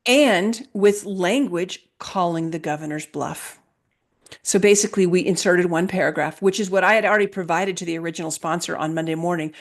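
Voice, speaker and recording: A woman guest recounting events with emphatic, quoted dialogue in an animated interview conversation. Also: fairly low pitch, a little fast. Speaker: guest, health freedom advocate.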